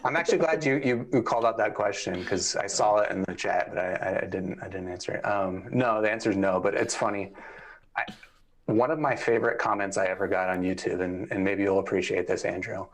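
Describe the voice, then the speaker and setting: A man appearing as a guest reviewer on a live stream, talking casually and in a measured way, often repeating words as he starts. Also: lowish voice.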